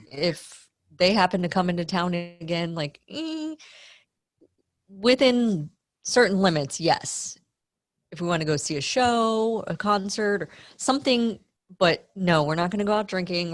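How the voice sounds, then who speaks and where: Low-pitched woman, plain and direct, dry close recording; podcast guest. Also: dry recording. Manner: frank, sets firm limits matter-of-factly. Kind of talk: casual podcast chat.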